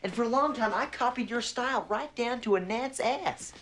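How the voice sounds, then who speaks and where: A man's voice: very high voice, normal speed, a bit bright, slight background noise, poor audio. A stammering young college debater, eager and self-deprecating in a film. He trips over his words and keeps putting himself down in front of his idol. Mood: bashful. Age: young adult. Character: eager young male debater, bashful country boy.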